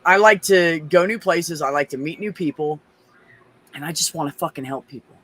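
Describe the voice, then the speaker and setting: A man's voice: on the high side, moderate pace, fairly bright tone, slightly rough. A man in a casual chat, talking animatedly and swearing freely as he tells stories. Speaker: guest.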